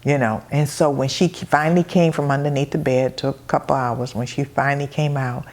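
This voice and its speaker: A woman's voice: rumbling low, steady tone, a little fast, darkish tone. A middle-aged woman hosting a casual advice talk, telling stories from her life and acting out quoted voices. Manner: conversational, storytelling, acts out quoted voices. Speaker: host.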